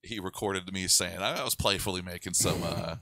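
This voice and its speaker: Male radio guest, deep and bright, loose rambling banter with frequent laughs. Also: brisk, dry recording. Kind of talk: casual podcast chat.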